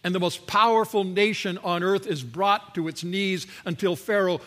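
High-voiced preacher in a reverberant hall. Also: male voice, normal speed, a bit bright. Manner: vivid storytelling, emphatic rhetorical questions. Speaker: pastor. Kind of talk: sermon.

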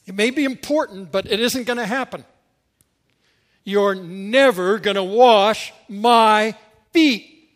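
A man voicing an agitated, devoted male disciple who protests and insists loudly, pitched well above his own voice. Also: long reverb tail.

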